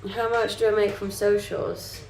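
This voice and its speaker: A woman's voice: medium pitch, fairly even intonation, normal speed, gravelly, a little mellow. A young adult woman streaming live, chatting casually and reading comments aloud with easy laughs. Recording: roomy sound with faint music behind.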